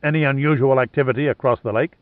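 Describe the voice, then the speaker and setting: A man's voice: medium pitch, steady tone, fast, no room sound, voice pushed up, natural voice. A man reading a ruthless male henchman commander who gives stern, clipped orders. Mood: commanding. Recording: narrow phone-like sound.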